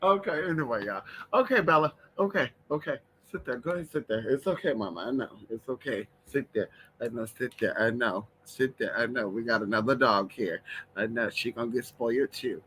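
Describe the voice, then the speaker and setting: A man's voice: mid-range voice, a little fast, a bit bright, a little hiss or hum. A man hosting a casual live stream, outspoken and sassy, swearing freely and breaking off to talk to his dogs. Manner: talks to his dogs between comments.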